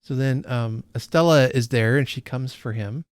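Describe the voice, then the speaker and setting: A man's voice: medium pitch, moderate pace, clean tone, no echo, clean studio sound. A man hosting a casual book read-along, reading passages and musing aloud, often restarting his sentences as he thinks. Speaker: book channel host.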